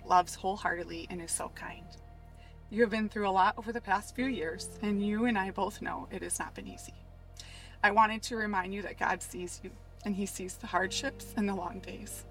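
A woman's voice: mid-range voice, a bit bright. A woman, a church staff member, reading a heartfelt personal letter aloud from inside a parked van. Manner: heartfelt, tender.

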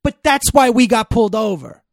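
Animated profane man telling a story. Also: sits high, moderate pace, no echo, studio quality. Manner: animated, profane, rising loud when worked up. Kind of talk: casual storytelling chat.

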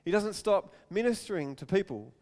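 A man preaching a sermon, telling stories and acting out quotes in loud bursts. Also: sing-song, normal speed. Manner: storytelling, acts out quotes with sudden loud raised-pitch outbursts. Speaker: pastor. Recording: long hall reverb.

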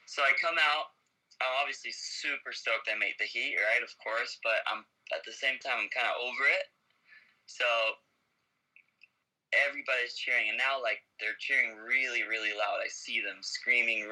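A young man in his twenties from Costa Rica, a surfer guest telling his story casually in an excited, rambling way with many fillers. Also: mid-range voice, poor audio.

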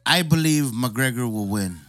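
A man's voice: medium pitch, animated, a little slow, a bit bright. A man in a laid-back casual chat who keeps saying "you know what I mean" and "dude".

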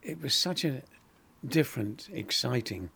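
An older actor telling lively anecdotes in an interview, acting out other people's lines and laughing often. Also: male voice, medium pitch, unhurried, gravelly. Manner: animated storyteller, acts out quoted voices, laughs often. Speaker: actor guest.

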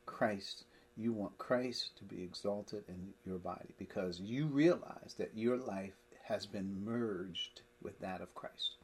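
Husky-voiced man teaching scripture. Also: on the low side. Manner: emphatic, explains verses with everyday examples. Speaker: Bible teacher. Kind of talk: Bible study teaching.

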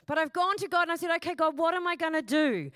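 A woman pastor preaching a sermon in a lively, chatty way, with self-mocking asides and repeated questions to the congregation. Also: very high-pitched, fast, no room sound.

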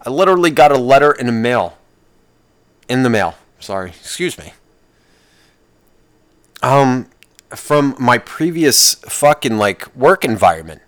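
A man's voice: medium pitch, sing-song, measured pace, pauses often, a bit bright, no echo. A young man ranting casually on his vlog, swearing constantly, rambling with restarts and bursts of fired-up outrage. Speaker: vlogger. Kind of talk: profane casual rant.

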